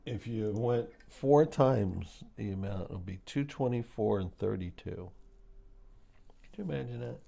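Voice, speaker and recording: A man hosting a live day trading stream, talking casually in a slow, rambling way and poking fun at himself. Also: lowish voice, vocal fry, warm tone. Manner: slow, rambling, self-mocking with small laughs.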